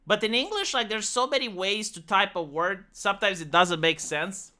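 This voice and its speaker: Romanian streamer, Romanian accent, profane and rambly, lively bright voice. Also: mid-range voice, normal speed. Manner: rambling, profane, jokey, with frequent fillers and restarts. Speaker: live streamer. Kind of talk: casual live-stream chat answering viewers.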